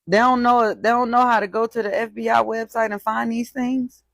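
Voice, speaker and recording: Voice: mid-range voice, flat delivery, normal speed, vocal fry, a bit bright, dry recording. A speaker giving casual commentary, reading out statistics and mocking each figure.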